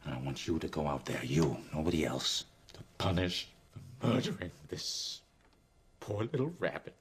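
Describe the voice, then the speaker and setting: An actor playing a menacing 1800s gang boss in a film, with an old New York accent and slow, theatrical menace. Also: male voice, very deep voice, sing-song, husky, heavily acted.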